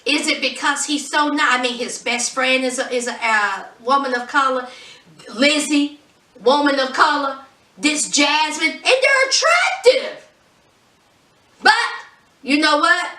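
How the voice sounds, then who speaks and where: A woman's voice: sits high, steady tone, measured pace, sharp tone, distant mic. A woman reviewing a reality show in a sassy, exasperated chat, calling her viewers honey. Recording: echoey room, voice off-mic.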